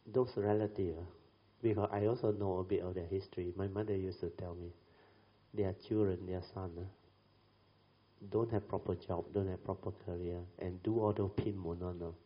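A deep-voiced middle-aged man teaching as a Buddhist speaker, relating a family episode with many "you know" tags and bursts of laughter. The recording sounds dull and lo-fi. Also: steady tone, moderate pace. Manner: chatty, tag questions, laughs while telling. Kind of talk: storytelling Dhamma talk.

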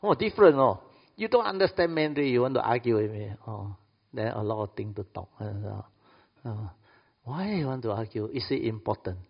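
A man's voice: mid-range voice, expressive, brisk, gravelly, husky. A man with a Malaysian English accent gives a sermon to an audience. He is playful, laughs often and acts out little quoted dialogues. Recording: echoey hall, dull lo-fi sound.

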